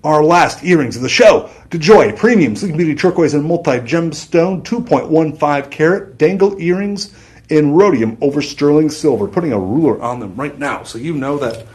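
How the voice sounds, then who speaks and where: A man's voice: on the high side, expressive, moderate pace, darkish tone. Chatty man selling jewelry, roomy sound. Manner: rambling and chatty, with self-interruptions and laughs. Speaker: shopping channel jewelry host. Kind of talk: live sales stream. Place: studio set with a TV screen behind.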